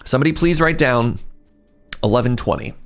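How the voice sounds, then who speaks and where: A man giving casual, excitable commentary while streaming a video game and chatting with his viewers. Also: mid-range voice, fairly quick, clear, resonant tone. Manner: excitable, chatty, talks to chat.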